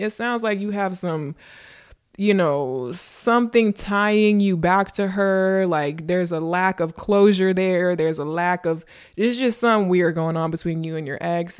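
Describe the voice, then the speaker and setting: A woman's voice: fairly low pitch, no room sound, clean studio sound. A young woman hosting a show, telling a personal story in a candid, emphatic way and repeating points for stress. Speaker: podcast host. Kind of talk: casual storytelling monologue.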